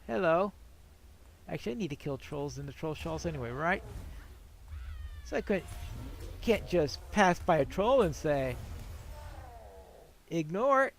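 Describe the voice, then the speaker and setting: A man talks over his gameplay in a relaxed let's-play style. His voice sits a little higher than most men's. He muses and wanders from thought to thought, often poking fun at himself. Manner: rambling, self-deprecating musing. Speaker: gameplay commentator. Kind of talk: casual let's-play commentary.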